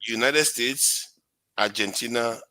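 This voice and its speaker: Male panel host, bright tense tone, stammering moderator trying to settle a heated argument. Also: mid-range voice, takes it slowly, dry recording, low-quality recording. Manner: hesitant, repeats words, pleading for calm. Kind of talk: live panel discussion, moderating.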